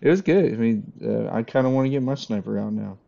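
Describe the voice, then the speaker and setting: A man chatting casually with friends, relaxed and laughing between points. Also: medium pitch, fast talker, gravelly, muffled recording. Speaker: podcast co-host. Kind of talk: casual chat.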